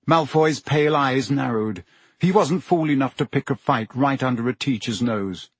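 Husky-voiced male audiobook narrator. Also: medium pitch, normal speed, no room sound. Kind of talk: scripted narration.

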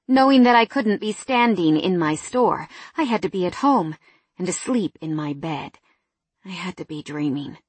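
A woman narrates a first-person romance audiobook with an expressive delivery that turns sharp-tongued in the arguments. Her voice is soft and husky, with a touch of breath. It is recorded close and completely dry. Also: fairly low pitch, no room sound.

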